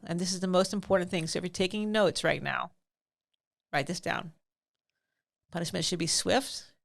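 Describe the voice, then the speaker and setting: A woman in middle age with a low, gravelly voice tells a story from her home. She rambles, circles back and fills gaps with ums as she goes. The pitch sits low and rough. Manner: chatty, rambling, with frequent fillers and laughs. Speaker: podcast host. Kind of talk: casual storytelling.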